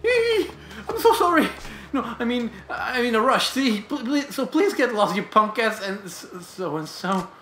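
A man's voice: high voice, big pitch swings, moderate pace, bright, forceful tone, a little hiss or hum, pitched above the performer's own voice, heavily acted. A man voicing a jumpy punk band singer who flips between cowering squeals and tough-guy bluster. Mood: panicky. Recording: roomy echo, faint game music.

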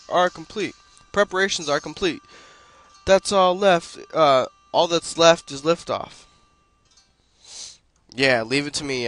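A man voicing an eager young male rocket crewman in a raised, higher voice. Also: fairly bright tone. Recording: faint game music behind.

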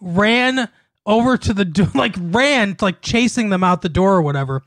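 A podcast co-host with a high, a bit bright voice tells stories in casual conversation, his intonation lively and his speed normal. He laughs a lot and leans on fillers, and the studio recording is clean with no room sound.

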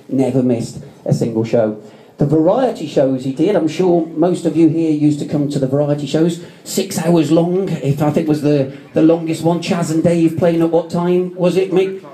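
This man's voice is fairly high and mellow. A phone in the audience records his memorial speech in a theatre foyer, delivered in a chatty, self-mocking, joking way.

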